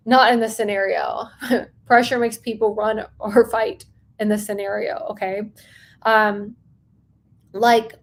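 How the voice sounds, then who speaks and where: A young woman coaching on sales during a live stream, talking fast and chatty with lots of fillers. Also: a little high.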